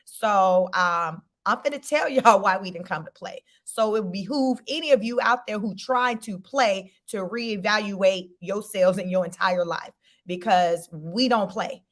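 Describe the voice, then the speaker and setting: A woman hosting a casual live-stream, chatty and animated, laughing often, speaking. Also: medium pitch, measured pace. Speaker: host.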